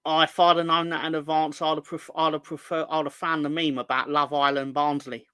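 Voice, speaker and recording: A man's voice: on the high side, level tone, fairly quick, sharp tone, clean tone, dry recording. A man with a London accent co-hosting a casual football podcast, rambling and joking as he reads out viewer comments. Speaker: podcast co-host.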